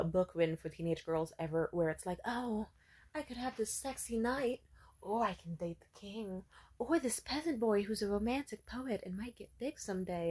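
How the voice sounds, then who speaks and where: Low-pitched young woman rambling casually. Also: vocal fry, a little mellow, husky. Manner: rambling, profane, heavy on filler words. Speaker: vlogger. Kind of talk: casual monologue.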